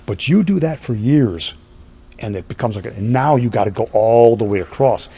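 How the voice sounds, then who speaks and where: Middle-aged man, husky dark voice, animated storyteller, keeps asking right?. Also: medium pitch, moderate pace. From Northeastern US. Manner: animated, repeats "right?" often, acts out quoted voices. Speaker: podcast guest, strength athlete. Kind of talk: casual storytelling conversation.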